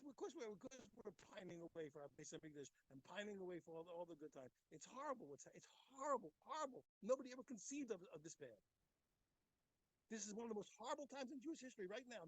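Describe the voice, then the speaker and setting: Man, rabbi, fast-paced, high voice, emphatic, repetitive, Torah class. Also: slightly rough, dry recording, low-quality recording. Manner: emphatic, repeats words, talks straight to listeners. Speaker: rabbi teaching a daily Talmud class.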